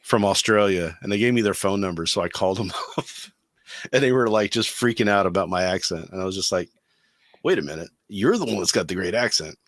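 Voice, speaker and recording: A middle-aged man with a deep, low voice talks in a loose, rambling way, poking fun at himself. The sound is dry and close, with no room around it. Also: fairly quick, fairly bright tone, no echo. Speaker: podcast co-host. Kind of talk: casual chat.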